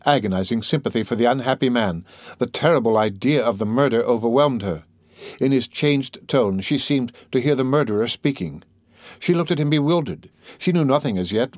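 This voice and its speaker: A man narrating a literary audiobook in a measured, steady way. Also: lowish voice, no room sound.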